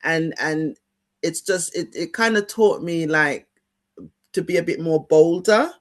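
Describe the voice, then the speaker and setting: A man's voice: a little high, measured pace, a bit bright. A man hosts a conversational interview with a slightly raised voice. He rambles through his questions, searches for words and restarts his sentences often. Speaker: interview host.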